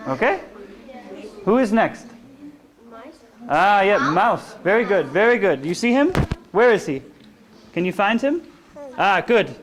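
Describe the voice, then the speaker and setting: A woman reading a picture book aloud to children, slowly and encouragingly, stopping often to ask them questions. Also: medium pitch, sing-song. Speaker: guest reader to children.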